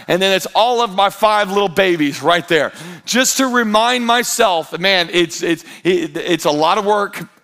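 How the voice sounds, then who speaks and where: A man in his thirties with a lilt preaches to his congregation with a high, bright, forceful voice. He tells stories with animation and plays out the lines of the people in them. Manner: animated storytelling with quoted voices. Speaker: pastor. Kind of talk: sermon.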